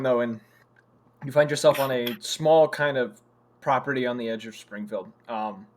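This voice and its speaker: A young man narrating a tabletop game as game master, pausing often with fillers and restarts. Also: mid-range voice, steady tone, slight background noise. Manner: halting, many fillers and restarts.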